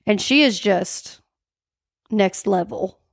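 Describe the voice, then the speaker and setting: A woman co-hosts a podcast and recounts a story in loose, casual chat. Her voice sits at an ordinary middle pitch. She fills her talk with "like" and briefly acts out the quoted lines. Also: slow, vocal fry. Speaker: podcast co-host. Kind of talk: casual true-crime chat.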